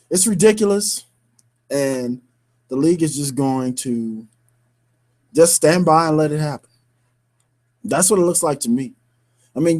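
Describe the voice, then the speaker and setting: A man's voice: on the high side, darkish tone. A man co-hosting a sports radio show, ranting heatedly in slang-filled talk with bursts of laughter.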